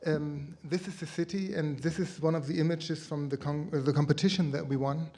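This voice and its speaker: Male conference presenter, slightly high voice, halting delivery, pauses to find words. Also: steady tone, darkish tone. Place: conference breakout room.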